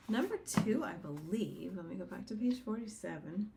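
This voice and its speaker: A woman's voice: fairly low pitch, lively intonation, fast talker, gravelly, few pauses, noisy background. A woman teaching a sight-singing lesson, giving patient step-by-step instructions and singing short examples. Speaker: music teacher.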